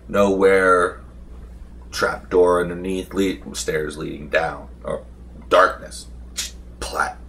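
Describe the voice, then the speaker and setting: Here a man's low, slightly bright voice carries a rambling recap of a tabletop role-playing game. He's a vlogger wandering through the session's story, full of fillers and restarts.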